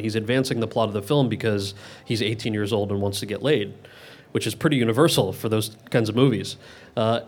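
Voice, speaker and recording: A man in his thirties answering audience questions at a Q&A, rambling and correcting himself as he goes. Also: lowish voice. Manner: rambling, self-correcting, many restarts. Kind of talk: Q&A event.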